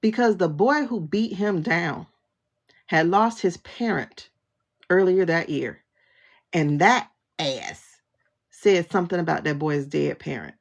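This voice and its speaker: Female livestream host; blunt, sassy, laughing rant; husky voice with lots of fry. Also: lowish voice, slow pace. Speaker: tarot reader and livestream host. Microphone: phone livestream.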